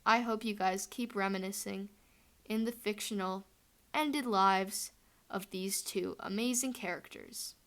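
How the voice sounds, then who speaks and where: A woman's voice: medium pitch, measured pace, a bit bright. Chatty young woman telling fan stories. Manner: chatty, rambling, lots of "like". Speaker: fan storyteller. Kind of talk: casual fan headcanon storytelling.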